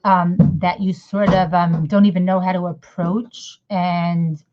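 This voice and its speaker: A woman's voice: on the low side, flat delivery, a little slow, darkish tone, soft background music. A woman giving a casual, rambling lesson to parents, often acting out little mock dialogues. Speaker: educator. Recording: slightly dull lo-fi audio.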